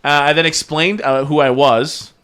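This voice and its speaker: A man's voice: on the high side, moderate pace, clean tone. A man telling a story in casual chat, acting out quotes and swearing often. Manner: animated, acts out quotes, heavy swearing.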